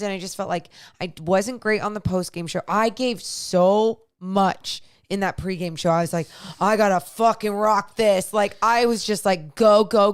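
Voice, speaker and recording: A woman's voice: medium pitch, smooth. A woman co-hosting a sports podcast, tired and close to tears, talking in a rambling, emotional way. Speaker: podcast co-host. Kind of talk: casual chat.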